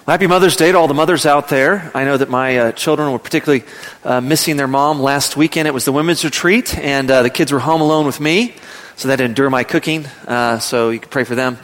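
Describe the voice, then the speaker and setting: A man's voice: mid-range voice, quick pace. A man in his thirties, a pastor, preaching a sermon and telling a family story, sometimes raising his voice. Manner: storytelling, rising to loud acted yelling in anecdotes. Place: church sanctuary. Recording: long hall reverb.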